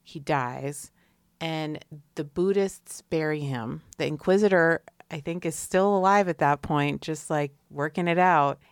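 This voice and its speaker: A woman with a low voice talks through a film in a relaxed podcast chat, thinking out loud. The sound is dry and close, with no room echo. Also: a little slow, clear, resonant tone. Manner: chatty, musing aloud with fillers. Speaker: podcast co-host. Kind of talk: casual movie review chat.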